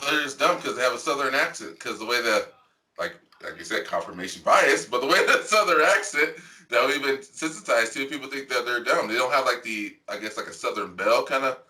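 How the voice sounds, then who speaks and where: Podcast guy rambling, laughs a lot, bright voice, sounds kinda far from the mic. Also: mid-range voice, expressive, fairly quick. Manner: rambling, laughs often, lots of "like". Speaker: podcast host. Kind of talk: casual podcast chat. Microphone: remote call with delay.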